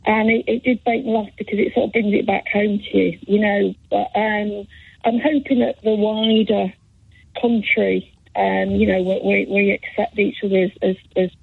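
A woman's voice: mid-range voice, level tone, moderate pace, gravelly, husky, no room sound. A woman calling a radio phone-in, talking hesitantly with many fillers and repeats. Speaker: caller. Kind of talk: phone-in call. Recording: tinny phone line.

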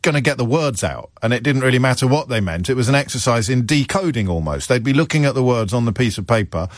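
A man's voice: mid-range voice, expressive, no echo, clean studio sound. Wry radio host in his fifties. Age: 50s. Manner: wry, mocking and conversational, with quick restarts. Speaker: radio talk show host. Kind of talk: talk radio monologue.

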